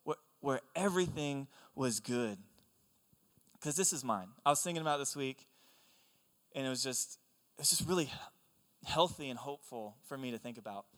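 A young man preaching a sermon, telling stories in an animated, conversational way. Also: medium pitch, normal speed, pauses often. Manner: animated storytelling, excitable and conversational. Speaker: pastor. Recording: long hall reverb.

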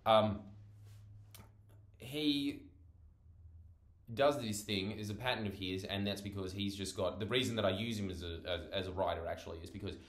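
A man's voice: on the low side, moderate pace, long pauses, reverberant. A young man talking in a casual monologue, rambling, swearing freely and cutting himself off mid-thought. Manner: rambling, profane, self-interrupting.

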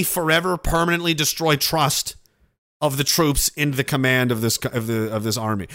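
A man ranting in a sarcastic, profane, indignant commentary. His voice sits high for a man, with a bright, sharp edge.

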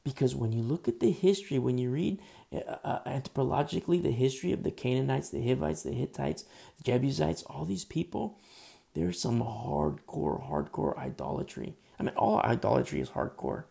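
Gravelly-voiced man preaching a casual sermon. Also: medium pitch, big pitch swings, moderate pace, mellow. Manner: conversational, many fillers, acts out quoted voices. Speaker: pastor.

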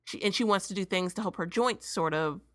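A woman's voice: medium pitch, brisk, dry recording, studio quality. A woman co-hosting a casual book chat, talking in a chatty, self-deprecating way and laughing often. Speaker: podcast co-host.

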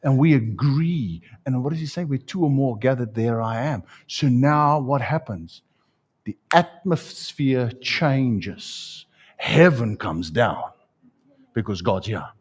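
A man's voice: mid-range voice, slow pace, breathy edge. A man preaching a sermon to a congregation, telling stories and calling people up for a live demonstration. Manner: animated storytelling with live demonstration. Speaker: pastor. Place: church before a congregation.

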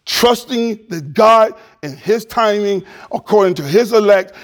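A male pastor preaching a sermon with animated preaching that drops to a hush. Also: sits high, measured pace.

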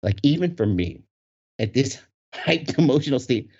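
A man telling a casual story with animated energy, laughing often and acting out the voices of the people in it. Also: mid-range voice, normal speed, slightly rough. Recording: dull lo-fi recording.

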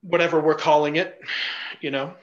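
A man's voice: on the high side, fairly even intonation, normal speed, muffled recording. Blunt, profane man telling stories. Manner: blunt and profane, with frequent fillers. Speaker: guest. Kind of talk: casual storytelling.

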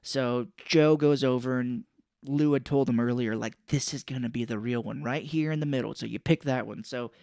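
A man's voice: medium pitch, normal speed, gravelly, darkish tone, no echo, clean studio sound. A man co-hosting a podcast, retelling a movie plot in casual chat and slipping into put-on voices for its characters. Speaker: podcast co-host.

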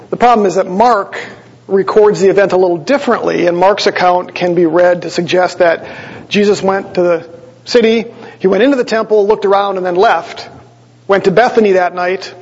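A man's voice: high-pitched, gravelly, husky. A man preaching a sermon to his congregation, explaining the text conversationally and with small asides to the listeners. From Wisconsin. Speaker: pastor. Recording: dull lo-fi sound with long church reverb.

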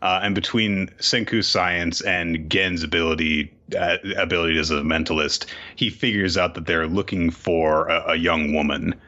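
A man co-hosting a podcast, casually chatting and recapping with a relaxed, chuckling manner. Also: sits low, normal speed, hardly any pauses. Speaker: podcast co-host. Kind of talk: casual chat recapping a comic. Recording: dull lo-fi mic.

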